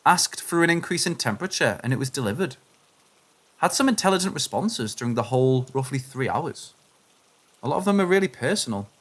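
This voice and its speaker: A man narrating submitted paranormal stories in a steady, scripted reading voice. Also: medium pitch, brisk.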